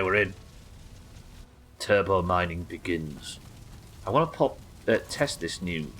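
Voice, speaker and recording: Young english guy rambling on stream while he plays, low voice with a bright edge. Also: slight background noise. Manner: rambling, chatty, swears casually. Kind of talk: casual live-stream chat while gaming.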